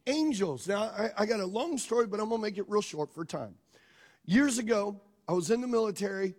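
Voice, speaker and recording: A middle-aged male pastor preaching a sermon, telling a personal story in an animated way and putting questions to his congregation. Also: high-pitched, brisk.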